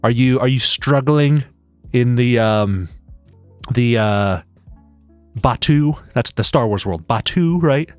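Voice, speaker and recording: A man's voice: medium pitch, slow pace, pauses often, no room sound, faint music behind. A man chatting casually on a live stream, rambling and joking with many restarts.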